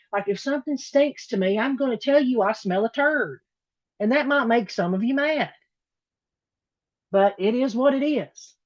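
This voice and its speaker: A woman's voice: a little high, muffled recording. A woman giving a blunt, sassy casual opinion monologue and talking straight to her viewers. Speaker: political commentary creator.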